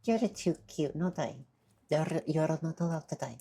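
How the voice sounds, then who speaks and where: A woman's voice: sits low, measured pace, warm tone, breathy edge. A woman streamer chatting casually through a game, talking while she eats. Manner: chatty, talks while eating. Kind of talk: casual let's-play chat.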